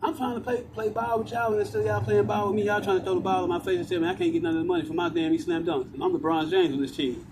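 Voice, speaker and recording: A man's voice: high voice, fairly even intonation, racing, hardly any pauses, noisy background. A man ranting into his phone outdoors, agitated, profane and repetitive. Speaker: vlogger ranting to camera. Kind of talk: rambling outdoor rant. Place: outdoors by walls and concrete.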